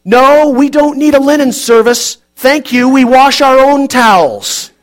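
A man's voice: extremely high pitch, unhurried, faint music behind, pitched above the performer's own voice. A man doing a spunky old Midwestern church janitor. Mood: folksy, blunt. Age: older. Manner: folksy, blunt, hard of hearing. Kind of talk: audiobook narration.

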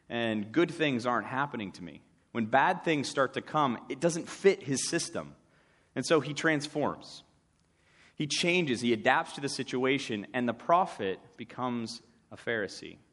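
Male preacher, relaxed sermon delivery, wry humor, mid-range voice. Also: medium pitch. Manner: conversational, wry storytelling with acted asides.

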